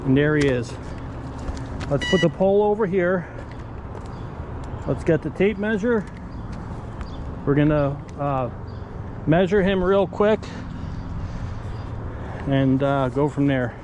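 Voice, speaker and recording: Speaking slowly with frequent pauses in a somewhat high voice, a fishing vlogger is out of breath on a riverbank. He calls his viewers "guys" and explains play-by-play how he's landing a fish, with background noise in the clip.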